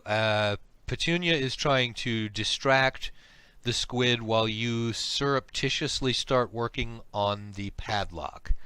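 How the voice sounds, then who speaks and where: A man's voice: medium pitch, bright, forceful tone, smooth, dry recording. Hesitant man running a tabletop game. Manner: hesitant, many ums and repeated starts. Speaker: game master.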